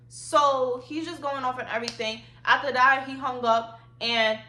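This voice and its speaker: Bright-voiced 18-year-old woman telling a story. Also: high voice, fairly even intonation, normal speed, few pauses. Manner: slangy, emphatic, repeats points for effect. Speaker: vlogger. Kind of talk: casual storytime vlog. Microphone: phone camera. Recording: roomy echo.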